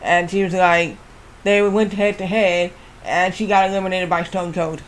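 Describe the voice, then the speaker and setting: High-voiced rambling male streamer. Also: flat delivery, normal speed. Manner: rambling storyteller, swears. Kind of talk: casual gaming commentary.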